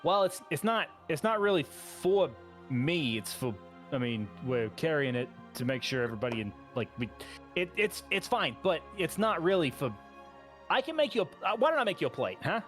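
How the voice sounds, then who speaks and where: A man's voice: fairly high pitch, sing-song, normal speed, a bit bright, faint music behind. A man voicing a nervous male tavern chef who stammers and keeps restarting his sentences. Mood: flustered.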